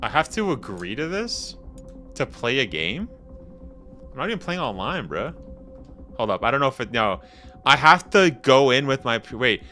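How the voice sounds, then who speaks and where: A man's voice: medium pitch, sing-song, moderate pace, pauses often, bright, forceful tone, faint music behind. A young man chatting casually with viewers on a game stream, laughing often and tossing in slangy asides. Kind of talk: casual live-stream chat.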